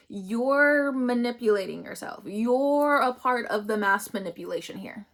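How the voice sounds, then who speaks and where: A woman's voice: a little high, expressive, unhurried, hardly any pauses, fairly bright tone. A young woman giving a casual, rambling spiritual reading, chatty and laughing often. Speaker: tarot reader.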